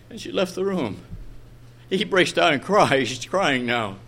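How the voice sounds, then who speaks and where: A man's voice: a little high, animated, measured pace, long pauses, bright, forceful tone. Fervent pleading male preacher. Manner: fervent, pleading, swelling and dropping in volume. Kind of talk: sermon. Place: church meeting room.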